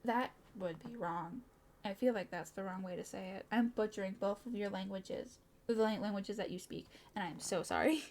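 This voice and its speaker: A woman's voice: medium pitch, moderate pace, darkish tone. A woman streamer chatting casually with her live chat, bubbly, often gasping and giggling and tripping over her words.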